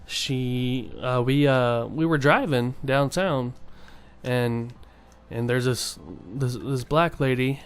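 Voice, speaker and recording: A man's voice: medium pitch, takes it slowly, smooth. A young man talking casually and earnestly to his viewers, rambling with many fillers and restarts. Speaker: vlogger. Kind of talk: casual motivational monologue.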